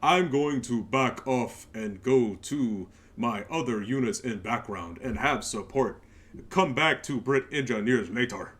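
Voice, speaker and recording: A man voicing a slow-witted male game developer who speaks in broken caveman grammar. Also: mid-range voice, fairly bright tone, lightly acted. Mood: dopey.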